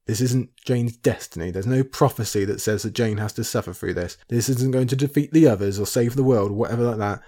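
Earnest low-voiced man discussing a book. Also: warm tone. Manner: earnest, heartfelt analysis. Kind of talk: chapter-by-chapter book commentary. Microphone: phone nearby, talking unscripted.

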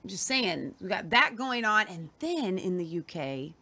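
Bright-voiced chatty woman co-host. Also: medium pitch, sing-song, normal speed, husky. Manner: chatty, opinionated. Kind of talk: casual news chat.

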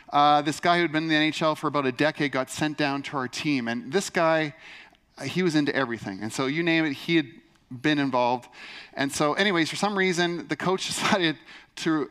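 An earnest male pastor preaching in a chatty, storytelling way. His voice sits a little high for a man. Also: a bit bright. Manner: earnest, conversational, frequent "and so anyways". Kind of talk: sermon with personal storytelling.

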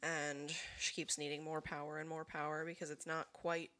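A woman's voice: low-pitched, level tone, moderate pace, sharp tone. A woman co-hosting a podcast, recapping a book's plot in casual chat with many fillers. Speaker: podcast co-host. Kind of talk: casual book-club chat.

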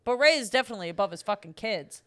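A woman's voice: mid-range voice, expressive, racing, a bit bright. A young adult woman co-hosting a podcast, chatting casually and teasing her co-host with frequent giggles. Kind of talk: casual chat.

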